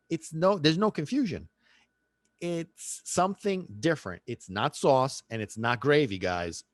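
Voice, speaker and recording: A man's voice: medium pitch, no room sound, studio quality. A man hosting his own podcast, ranting casually and playfully, now and then dropping Italian phrases into his talk. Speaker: podcast host. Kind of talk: casual solo podcast rant.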